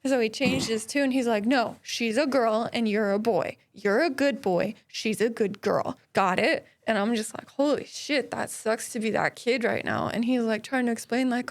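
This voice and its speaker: A woman's voice: fairly high pitch, moderate pace, hardly any pauses. Chatty woman podcast co-host. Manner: rambling storyteller, many "like" fillers. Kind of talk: casual chat.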